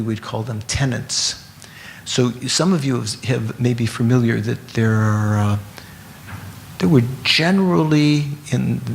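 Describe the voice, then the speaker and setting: A man giving a Buddhist teaching to a class, speaking haltingly with many restarts and putting questions to his listeners. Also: mid-range voice, gravelly, a little hiss or hum. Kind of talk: dharma teaching.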